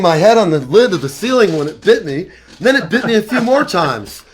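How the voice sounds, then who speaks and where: A man in his fifties telling rambling personal stories in casual chat, animated and profane, often laughing. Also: sits high, fairly quick, slight background noise. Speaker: talk show guest.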